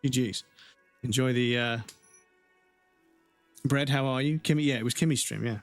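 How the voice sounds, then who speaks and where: A man's voice: medium pitch, steady tone, moderate pace, no echo, faint music behind. A man chatting casually while streaming a game, rambling and swearing freely.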